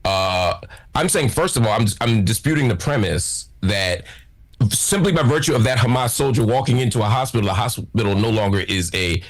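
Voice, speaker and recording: A man arguing in a debate, measured but halting, with frequent restarts. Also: fairly low pitch, expressive. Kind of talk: debate argument.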